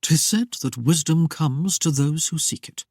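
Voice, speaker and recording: An audiobook narrator voicing a calm young nobleman who speaks softly and in measured, mocking tones. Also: medium pitch, husky, dry recording, clean studio sound. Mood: commanding. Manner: soft, measured and coolly mocking. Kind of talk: audiobook character voice.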